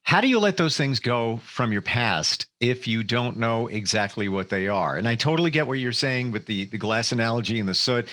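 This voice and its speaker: Host guy with a bright forceful voice, earnest, trips over words sometimes. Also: medium pitch. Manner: earnest, personal, stumbles on words. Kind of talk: interview conversation.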